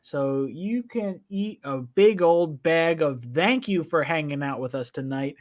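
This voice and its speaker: A man's voice: fairly high pitch, a little slow. A man hosting a casual live stream from home, joking and reading viewer comments aloud. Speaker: podcast host reading chat. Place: at home, downstairs. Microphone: phone.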